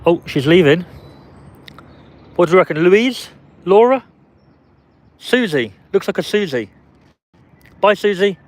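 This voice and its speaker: A man's voice: sits high, very animated, a little slow, long pauses. A man live-streaming from a parked car in a casual, chatty way, answering viewers' comments by name and playfully guessing the names of passers-by.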